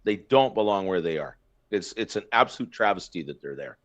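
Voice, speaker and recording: Deep-voiced ranting Canadian man. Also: lively intonation, brisk, fairly bright tone. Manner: blunt, ranting, many fillers and restarts. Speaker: podcast host. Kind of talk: casual political chat. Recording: slightly dull lo-fi sound.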